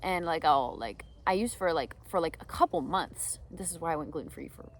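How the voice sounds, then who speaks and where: Low-voiced young woman, rambling candidly. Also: expressive, brisk. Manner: rambling, full of "um" and "like" fillers. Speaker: speaker training others to help students. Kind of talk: candid personal story with advice.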